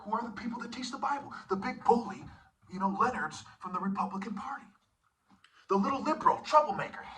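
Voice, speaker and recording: A man's voice: high voice, pushed and bright, recorded from a distance, slight background noise, rough recording. A man preaching an intense sermon monologue, often dropping into whispered asides. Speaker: self-styled preacher.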